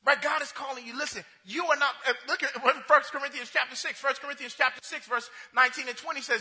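A man preaching a sermon to a congregation, asking the crowd questions and slowing to stress key words. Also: very high-pitched, fairly even intonation, bright, forceful tone. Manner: preaching with call-and-response questions. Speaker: pastor. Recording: echoey hall.

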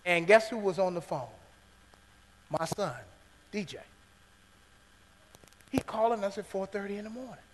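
High-voiced preacher in a reverberant church. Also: male voice, moderate pace, long pauses, a little hiss or hum. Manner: swings between loud preaching and hushed near-whispers; repeats "guess what" as a call to the congregation. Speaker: pastor. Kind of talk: sermon. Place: church sanctuary.

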